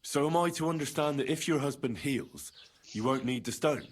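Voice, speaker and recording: A man voicing a young healer who speaks calmly and bargains shrewdly. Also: medium pitch, moderate pace, slight background noise, close to an everyday voice. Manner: calm, persuasive, shrewd.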